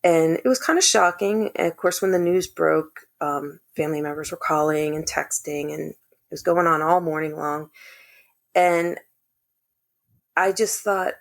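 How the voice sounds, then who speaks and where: A woman's voice: low voice, measured pace, gravelly. A woman guest earnestly telling a personal family story in casual conversation. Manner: earnest, animated when quoting others. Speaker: podcast guest.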